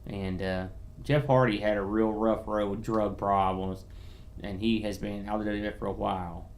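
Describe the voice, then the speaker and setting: A man's voice: fairly low pitch, level tone, normal speed, a little mellow, a little hiss or hum. A man co-hosting a retro gaming podcast, chatting casually and explaining things at length with many restarts. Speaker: podcast co-host. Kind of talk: casual chat.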